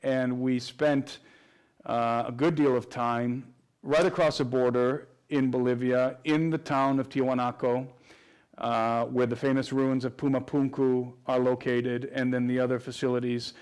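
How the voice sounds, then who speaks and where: Man explaining in a flat, even tone. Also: medium pitch, a little slow, clean tone. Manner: earnest, explanatory, frequent restarts and fillers. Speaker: guest researcher. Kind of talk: interview answers.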